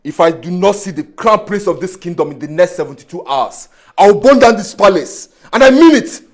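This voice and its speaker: A defiant young royal with a Nigerian accent, his high voice building to emphatic threats. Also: lively intonation, fairly quick. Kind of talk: Nollywood film acting.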